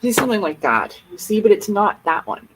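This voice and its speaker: Searching a book on her livestream, the female host talks to herself unscripted, flustered and muttering as she looks for something. She has a mid-range, sing-song voice and a brisk pace, with a little hiss or hum on a rough recording.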